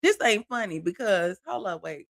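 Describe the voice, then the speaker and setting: A man hosting a live stream, talking to viewers in a casual, animated way about reality TV clips. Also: high-pitched, moderate pace, vocal fry, slight background noise. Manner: animated, laughing, talks to viewers as "y'all". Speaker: host reacting to reality TV clips.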